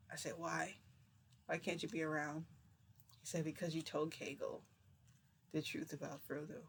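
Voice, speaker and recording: A woman's voice: deep voice, slight background noise. Emotional woman vlogger telling a story. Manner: emotional, rambling retelling with many "like"s. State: close to tears. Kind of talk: casual storytelling to camera.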